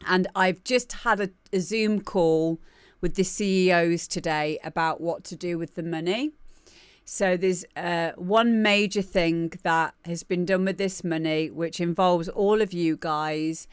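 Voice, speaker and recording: A woman's voice: on the low side, fairly even intonation, a little slow, clear, resonant tone, no echo, clean studio sound. A woman in her thirties hosting a live stream, chatting casually and greeting viewers by name with laughs and rambling asides. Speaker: livestream host.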